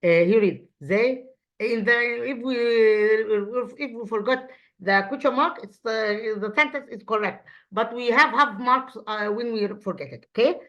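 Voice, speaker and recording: A woman English teacher whose first language is Arabic, speaking with an Egyptian accent. She goes over exercises in a halting way, repeating words and checking with "okay?". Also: fairly high pitch, muffled recording. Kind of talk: revision lesson.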